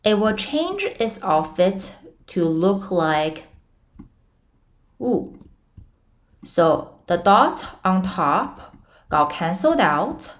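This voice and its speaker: A woman's voice: sing-song, slow pace. A young woman teaching Mandarin pinyin in a casual online lesson, patiently explaining step by step with playful comparisons. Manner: models tones with sudden high sung-out syllables.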